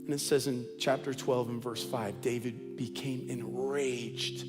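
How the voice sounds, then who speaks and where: A man's voice: mid-range voice, fairly even intonation, normal speed, few pauses, long reverb tail, over music. Male pastor preaching with emphatic repetition. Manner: emphatic storytelling with heavy repetition. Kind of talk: sermon. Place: church auditorium.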